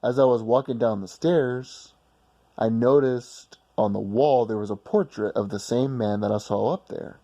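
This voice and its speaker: A man's voice: medium pitch, moderate pace, mellow, lo-fi sound. A man casually telling a personal story in a rambling, blunt way with some swearing.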